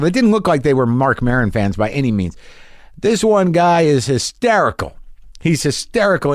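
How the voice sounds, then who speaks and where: In studio-quality audio with no room sound, a middle-aged man, a comedian and podcast host, spins a loose, wandering monologue about a stage experience. He stumbles over repeated words and his voice leaps up when he plays people from the crowd.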